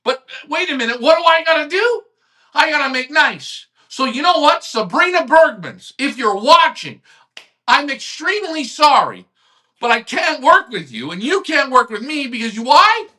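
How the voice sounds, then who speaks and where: Guy hosting a live pigeon stream, ranting and swearing, bright edgy voice, pitch all over the place. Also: moderate pace. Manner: ranting, swearing, animated, swings loud to quiet. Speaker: host of a live online pigeon club show. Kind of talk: heated live-stream rant.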